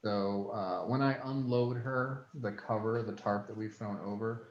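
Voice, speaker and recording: A man's voice: lowish voice, a little slow. Hesitant man playing a tabletop game. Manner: hesitant, with fillers. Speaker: player. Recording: echoey room, dull lo-fi sound.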